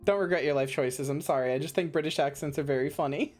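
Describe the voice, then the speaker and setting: A woman's voice: low voice, fairly even intonation, quick pace, darkish tone, faint music behind. A woman streamer chatting casually and playfully while she plays a game. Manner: playful, giggly, teasing. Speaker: VTuber streamer. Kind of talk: casual livestream chat while gaming.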